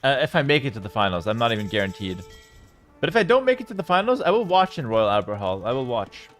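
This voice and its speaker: With soft background music, a man gives fast live esports commentary on a strategy match he's streaming. He reads chat aloud, his delivery swinging from loud hype to low, even play calls.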